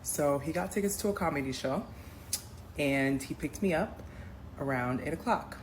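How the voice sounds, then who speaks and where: A woman telling a dating story in a casual storytime, addressing viewers as y'all with animated emphasis. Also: low-pitched, normal speed, slight background noise, rough recording. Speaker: storyteller in a clip.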